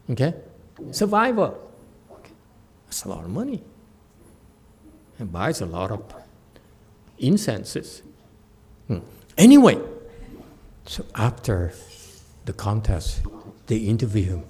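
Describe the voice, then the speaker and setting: A man, a Buddhist master, giving a Dharma lecture as an animated, joking storyteller who acts out the people in his story. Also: lowish voice, unhurried, pauses often, slightly rough. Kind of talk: sermon.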